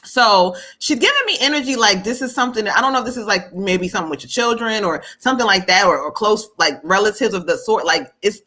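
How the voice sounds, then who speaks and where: A woman psychic medium, doing a live-stream tarot reading, animated and often laughing as she quotes spirits in a sassy voice. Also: medium pitch, quick pace, hardly any pauses.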